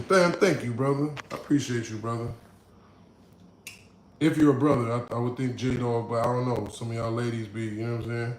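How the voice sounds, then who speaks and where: A man hosting a livestream, reading viewer comments in a playful, animated, laughing banter. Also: mid-range voice, normal speed, roomy sound, a little hiss or hum. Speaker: livestream host. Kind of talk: casual live chat reading viewer comments.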